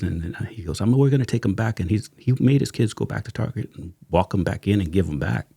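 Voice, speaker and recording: A man's voice: sits low, fast, gravelly, slightly rough, dry recording, studio quality. A middle-aged man, a retired sheriff's detective, telling a story as a podcast guest in a casual, slangy way, laughing and acting out the people he quotes. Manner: animated, laughing, slangy retelling with acted quotes. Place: podcast studio.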